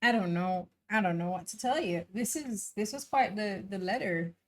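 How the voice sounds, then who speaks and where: Brief: woman, reaction host, casual musing commentary, mid-pitched, halting and reflective. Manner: thoughtful, musing, trailing off with frequent laughs and fillers.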